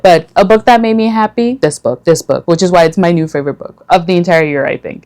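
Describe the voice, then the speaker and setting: A woman's voice: fairly low pitch, a little mellow. A woman chatting in a casual book vlog, gushing and rambling with many asides. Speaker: book vlogger.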